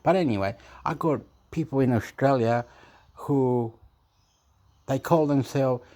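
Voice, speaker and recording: A man rambles to camera in a loose, casual monologue at a middle pitch. He meanders from one thought to the next and keeps laughing at himself in a self-mocking way. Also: unhurried, dark tone. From Chile. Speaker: YouTuber.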